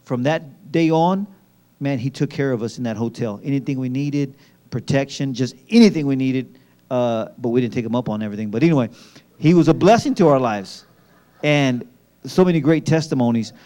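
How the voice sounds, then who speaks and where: A man sharing ministry stories in an animated way, repeating phrases for emphasis. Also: mid-range voice, a little fast. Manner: lively, repeats words for emphasis. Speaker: pastor. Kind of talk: animated storytelling.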